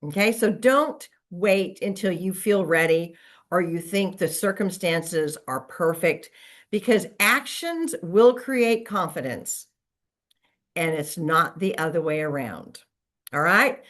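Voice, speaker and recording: A middle-aged woman coaching real estate agents in a casual motivational talk, acting out quoted lines as she goes. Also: mid-range voice. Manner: lively, conversational, acts out quoted lines.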